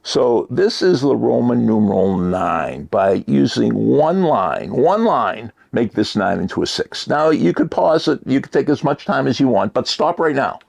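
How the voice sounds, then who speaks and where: A man giving a motivational talk, shifting between loud emphasis and near-whispered asides. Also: mid-range voice, sing-song, unhurried, gravelly, hardly any pauses. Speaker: motivational speaker.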